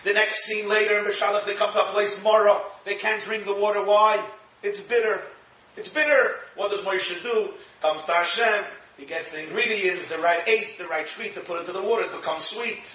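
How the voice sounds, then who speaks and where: Delivering an animated Torah lecture, a rabbi with a bright, high male voice speaks a little fast with hardly any pauses, acting out quotes and laughing at his own jokes. The audio is dull, captured by a distant mic in an echoey room.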